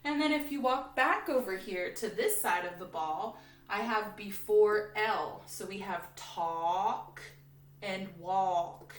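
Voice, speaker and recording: A second grade teacher, a woman, walks young pupils through their spelling words. She is cheerful and encouraging and slows right down to sound out each word. Her voice is picked up from some distance away in a roomy, echoing space. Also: medium pitch. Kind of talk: recorded classroom lesson.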